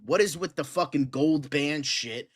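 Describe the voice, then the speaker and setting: A man's voice: a little high, a little slow. A man co-hosting a fan talk show, ranting heatedly and swearing constantly. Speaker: co-host. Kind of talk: profane ranting chat.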